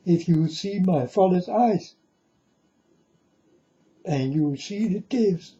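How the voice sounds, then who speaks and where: A man giving an earnest, halting religious monologue to camera in non-native phrasing. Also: high voice, lively intonation, warm tone, muffled recording. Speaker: religious video maker.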